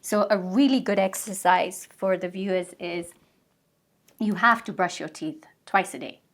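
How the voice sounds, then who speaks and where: Woman guest in a studio, middle pitch, patient teacher vibe, lots of everyday examples. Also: measured pace. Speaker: guest mindfulness expert. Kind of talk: explanatory interview talk.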